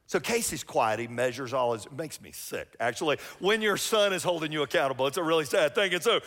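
A man's voice: a little high, lively intonation, fast talker, fairly bright tone. A middle-aged man, preaching a sermon as pastor in a chatty, self-mocking storytelling way. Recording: long reverb of a church hall.

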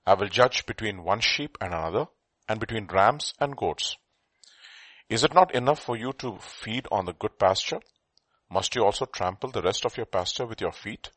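A man's voice: lowish voice, animated, normal speed, fairly bright tone, no echo. A man assisting a pastor, reading a Bible passage aloud. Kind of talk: Bible reading and brief replies.

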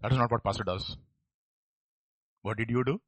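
Animated preacher, bright voice. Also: male voice, lowish voice, normal speed, husky, dry recording. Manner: animated preaching with rhetorical questions. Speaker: pastor. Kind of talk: sermon.

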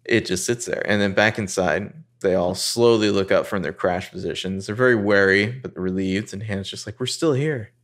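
A man co-hosting a casual podcast, recapping a TV episode and quoting the characters in excited voices. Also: moderate pace, few pauses. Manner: animated, jumps into high voices quoting characters.

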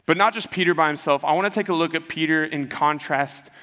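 A man's voice: on the high side, brisk, pushed and bright. A man preaching a sermon, retelling the story in a conversational way and acting out the quotes. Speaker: pastor. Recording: long hall reverb.

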